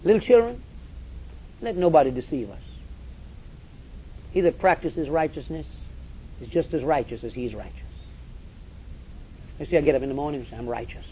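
A man's voice: on the high side, expressive, normal speed, pauses often, a little hiss or hum. A man preaching a sermon, emphatic and direct, repeating phrases and calling listeners to listen. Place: church or meeting hall with audience. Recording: dull lo-fi recording.

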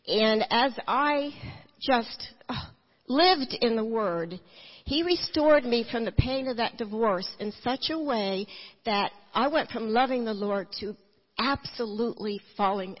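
Husky woman giving a church testimony. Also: on the high side, a little slow, big-room sound, lo-fi sound. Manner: earnest storytelling with restarts. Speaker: testimony speaker.

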